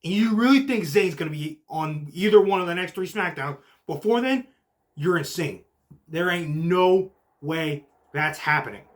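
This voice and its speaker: A young man hosting a casual podcast recap, excitable and full of "like" and "literally", swinging from low muttering to shouting. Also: normal speed. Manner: heavy use of filler like "like" and "literally". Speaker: podcast host.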